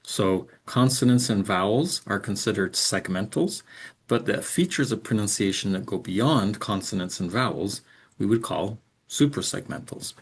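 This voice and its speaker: A man giving a recorded lecture as an instructor, explaining in a measured way with frequent "um" fillers. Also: fairly low pitch, lively intonation, husky. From English speaker.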